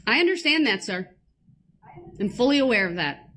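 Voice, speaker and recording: A woman judge speaking in court, firm, measured and formal with a defendant. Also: fairly high pitch, very animated, a bit bright, slight background noise. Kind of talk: courtroom proceedings.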